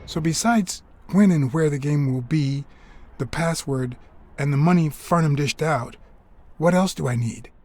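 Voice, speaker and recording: A man's voice: on the high side, measured pace, a little mellow. A man voicing a cool-headed 1950s detective, speaking in a dry, wry game monologue. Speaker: private detective. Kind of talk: video game voice acting.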